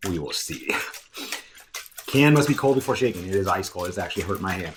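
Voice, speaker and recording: Middle-aged guy doing a snack review vlog, lowish voice, rambly and self-mocking, laughs a lot. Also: very animated, normal speed, long pauses, noisy background. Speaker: food reviewer. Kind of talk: casual food-tasting vlog.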